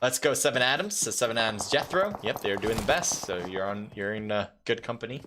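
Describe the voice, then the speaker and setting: An esports caster calls a mobile battle royale match live, staying calm and explanatory but breaking into loud, excited bursts at big plays. His voice is lowish and a little fast, against a noisy background.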